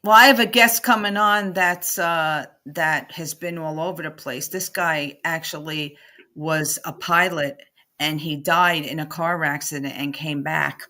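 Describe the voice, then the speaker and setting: A woman's voice: deep voice, unhurried. A woman with a New Jersey accent, a podcast guest and singer, chatting casually on a video call and telling stories with lots of laughter. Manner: animated storyteller, laughs often. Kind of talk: casual interview chat.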